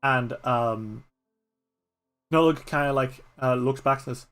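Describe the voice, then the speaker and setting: An Irish man narrates a solo tabletop game at an unhurried pace, rambling and filling pauses with ums. His voice sits in a middle register, with faint music playing behind him. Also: medium pitch, a bit bright. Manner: slow, rambling, with many fillers. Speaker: game master and streamer.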